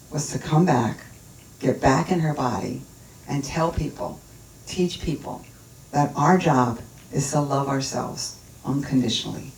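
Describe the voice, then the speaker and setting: Low-voiced woman minister, roomy hall. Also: darkish tone. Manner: earnest, storytelling with emphatic repetition. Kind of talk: sermon. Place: church sanctuary. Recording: roomy hall, mic at a distance.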